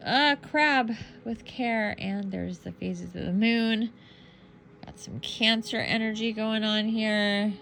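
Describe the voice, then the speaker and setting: A sleepy woman casually commenting on tarot cards as she unboxes a deck, relaxed and trailing off as she goes. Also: on the high side, takes it slowly, creaky, slight background noise. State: sleepy, yawning.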